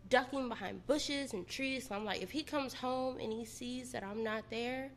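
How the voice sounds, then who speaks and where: A woman's voice: on the high side, moderate pace, slight background noise. A woman telling her own story in a casual, candid and profane way.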